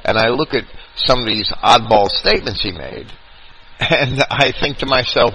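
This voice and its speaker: A man with a New York accent hosting a call-in radio show, talking in a halting way and often repeating his words. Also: medium pitch, sharp tone, a little hiss or hum, poor audio. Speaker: radio host.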